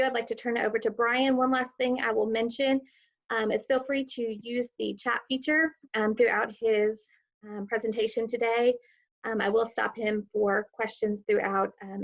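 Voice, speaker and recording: A woman's voice: a little high, creaky. A woman hosting a webinar, introducing the speaker politely with many ums. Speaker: host. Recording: muffled webinar audio.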